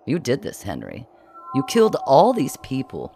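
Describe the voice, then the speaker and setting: A man's voice: medium pitch, huge pitch swings, normal speed, gravelly, music in the background. A man voicing a cruel, mocking male villain who taunts in a falsely sweet, cheerful way.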